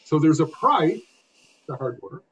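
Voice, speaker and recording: An older man, a guest telling his story in an expressive, emphatic way, phrase by phrase. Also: on the high side, measured pace, a little hiss or hum. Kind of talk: conversational storytelling. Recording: dull lo-fi sound.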